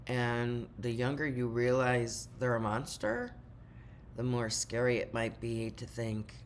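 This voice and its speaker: A woman's voice: extremely low pitch, slow, a little hiss or hum. An older woman giving an earnest spiritual talk and speaking directly to her viewers as a teacher.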